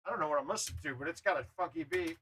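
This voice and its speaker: A man hosting a gaming livestream, chatting casually, loud and blunt, swearing freely. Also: fairly high pitch, racing, slight background noise, low-quality recording. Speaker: livestream host.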